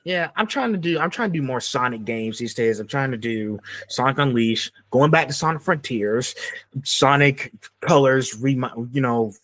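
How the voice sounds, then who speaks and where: A man's voice: mid-range voice, normal speed, fairly bright tone, dry recording. A young man from Georgia in the US hosting a casual podcast interview, asking eager fan questions. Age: young adult. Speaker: podcast host.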